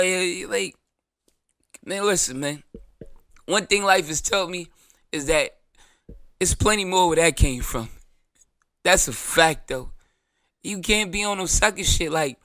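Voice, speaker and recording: Blunt, profane man talking bright and dry. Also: on the high side, dry recording. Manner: blunt, profane, joking storyteller. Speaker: show host. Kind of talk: casual monologue.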